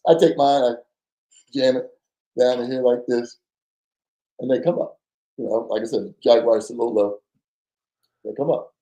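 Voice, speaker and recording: A man telling a story as a podcast guest, animated and acting out the voices of people in it, often stammering and repeating words. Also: medium pitch, moderate pace, pauses often, roomy sound, low-quality recording. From New Jersey. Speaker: podcast guest, former undercover FBI agent. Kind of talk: casual storytelling.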